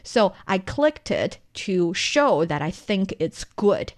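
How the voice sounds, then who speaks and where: A woman's voice: mid-range voice, slow pace, dry recording, studio quality. A woman with a Chinese accent, a native Chinese speaker, co-hosting a language-learning podcast and explaining words step by step in a chatty way. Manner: explains word by word, lively and chatty. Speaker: podcast co-host and Chinese teacher.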